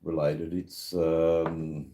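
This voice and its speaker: Very deep, dark-voiced drunk man rambling. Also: flat delivery, extremely slow, slight background noise. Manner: rambling, slurred, with lots of fillers. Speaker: live-stream host. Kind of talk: casual live-stream chat. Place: sitting at a bar.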